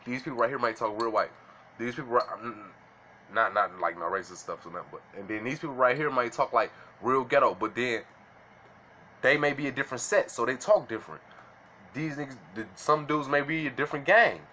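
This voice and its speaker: Casual vlogger, man, slangy and bright, faint noise behind. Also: mid-range voice, brisk. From Illinois. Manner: slangy, keeps asking "you know what I'm saying". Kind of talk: casual monologue to camera.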